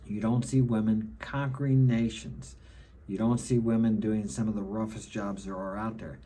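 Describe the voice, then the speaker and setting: A man's voice: on the low side, little pitch movement, normal speed, warm tone, husky. A middle-aged man giving an opinionated monologue to camera, lecturing and often ending his points with a checking "okay?". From United States. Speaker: self-help vlogger.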